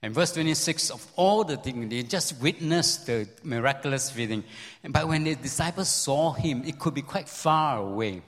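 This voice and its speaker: A man preaching a sermon as a pastor, telling the story in an animated way with many repeats and sudden jumps up in pitch. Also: moderate pace. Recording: long hall reverb.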